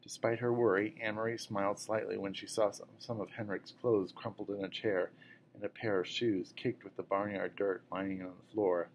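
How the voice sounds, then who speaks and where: A man reading a novel aloud in a steady way, now and then correcting a slip. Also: lowish voice, normal speed, slight background noise, poor audio. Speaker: reader.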